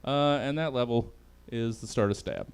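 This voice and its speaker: A man's voice: normal speed, heavy background noise. A man hosting a comedy panel show over a video call, laughing often between lines. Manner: laughs often, lively swings in pitch.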